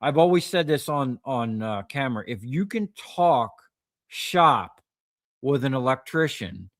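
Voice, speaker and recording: A man talks shop casually into a close microphone, his voice sitting at an ordinary middle pitch. He rambles through long anecdotes with restarts and fillers, and the room adds almost no echo. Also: sing-song, unhurried, a bit bright. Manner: rambling storyteller, acts out quoted customers. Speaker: scrap metal recycler. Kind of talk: casual livestream chat.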